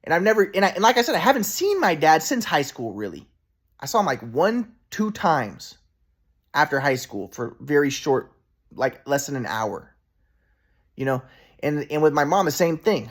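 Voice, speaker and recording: A man's voice: on the high side, husky. Man, thirties, casual vlog monologue, rambling, profane, frustrated. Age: 30s.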